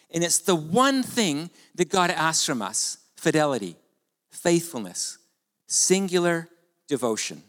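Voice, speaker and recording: A man preaching a sermon as pastor, animated and conversational, with rhetorical questions to the congregation. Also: high-pitched. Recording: long hall reverb.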